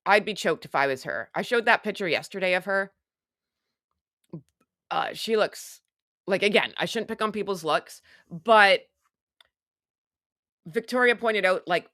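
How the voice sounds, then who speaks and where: A woman's voice: mid-range voice, pushed and bright, no room sound, studio quality. A woman hosting a casual celebrity gossip livestream, chatty and sarcastic as she talks to her viewers. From Canada. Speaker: livestream host.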